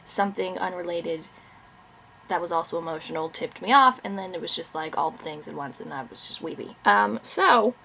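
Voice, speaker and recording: A woman's voice: fairly low pitch, normal speed, gravelly, bright, forceful tone, slight background noise. A young adult woman, an author, chatting candidly at home in a rambling vlog with many fillers and restarts. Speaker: author and vlogger. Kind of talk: casual vlog chat.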